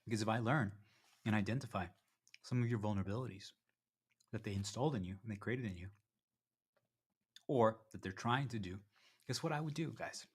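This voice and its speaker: A man's voice: on the low side, fairly quick, pauses often, slightly rough. A man livestreaming from home, talking in a rambling, self-interrupting way and repeatedly addressing his viewers as "you guys," sometimes with his mouth full. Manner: eating while talking at times. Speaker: live streamer. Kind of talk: rambling livestream monologue to chat.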